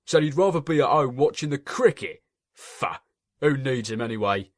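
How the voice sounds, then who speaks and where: A man's voice: medium pitch, lively intonation, moderate pace, dry recording, pitched above the performer's own voice, natural voice. A man voicing a grumpy male diesel engine who snaps and growls. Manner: gruff, snapping, growling.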